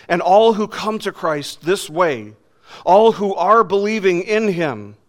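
A man's voice: high voice, a bit bright. A man preaching a sermon in an earnest, emphatic way, repeating phrases for stress.

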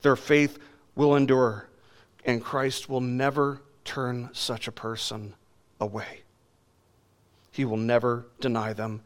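A man's voice: mid-range voice, little pitch movement, slow, long pauses. A man preaching a sermon in an earnest, emphatic way, repeating phrases for stress.

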